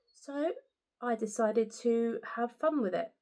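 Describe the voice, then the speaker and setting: A woman's voice: on the high side, animated, slow pace, dark tone. A young woman giving a candid, upbeat personal testimonial and often turning to the listener with asides. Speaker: patient sharing her experience. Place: indoors at home.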